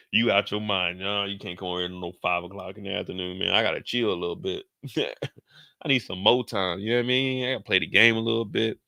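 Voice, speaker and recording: A man's voice: deep voice, steady tone, a little fast, vocal fry, sharp tone, no echo. A young man giving a profane, joking recap of a TV episode, acting out the characters' lines as he goes. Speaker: show commentator. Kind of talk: animated casual recap commentary.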